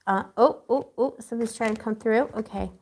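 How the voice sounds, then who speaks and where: A woman's voice: fairly high pitch, fairly quick, darkish tone, slight background noise. A woman giving a live tarot reading to her viewers, chatty, emotional and slangy as she talks through the cards. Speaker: tarot reader.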